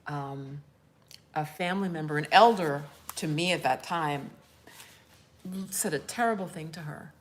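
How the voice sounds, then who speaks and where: A woman with a lowish voice hosts a casual live stream as a spiritual coach. She talks in a rambling, candid way and turns to her viewers often. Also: a little slow. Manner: rambling, chatty and candid, addresses viewers directly.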